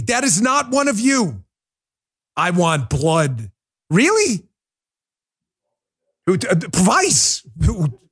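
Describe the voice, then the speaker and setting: Male talk show host, high and combative, emphatic delivery. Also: husky. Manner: emphatic, combative, mocks opponents in put-on voices. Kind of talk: fiery political commentary.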